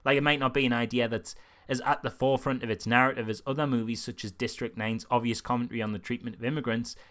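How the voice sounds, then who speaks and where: A young man reviewing a film in a casual, comic way, with sarcastic, animated asides. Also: medium pitch, quick pace.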